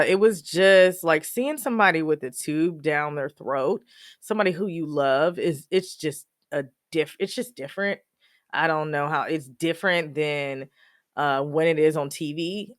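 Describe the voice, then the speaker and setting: A podcast host shares personal stories in a loose, rambling, casual way, packed with fillers like "um" and "you know." She laughs often, even over sad memories. Her voice sits a little low, and the recording is dry with no room echo.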